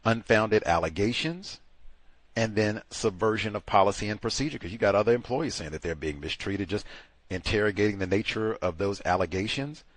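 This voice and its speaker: A man's voice: lowish voice, brisk, no room sound. A man hosting a call-in advice show, talking emphatically and acting out other people mockingly. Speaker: host.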